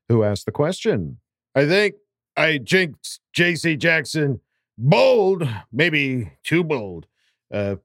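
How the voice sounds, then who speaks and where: Lively male podcast host, animated pitch, dry close sound, reads listener questions with a laugh. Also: no echo. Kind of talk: casual fan podcast chat.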